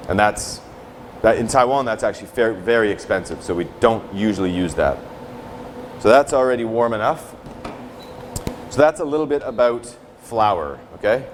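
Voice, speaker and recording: A man's voice: on the low side, slight background noise. Casual chatty male cooking instructor. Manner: casual, tags sentences with "right?" and "okay?". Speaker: culinary instructor. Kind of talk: cooking class demonstration. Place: teaching kitchen.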